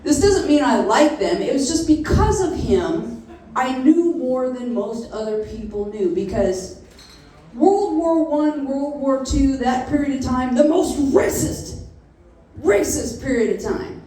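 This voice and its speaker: A woman's voice: high-pitched, animated, unhurried, dark tone, far from the mic. A woman in her fifties doing a stand-up comedy set, telling blunt, profane stories on a comedy venue stage. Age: 50s. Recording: echoey room picked up from afar.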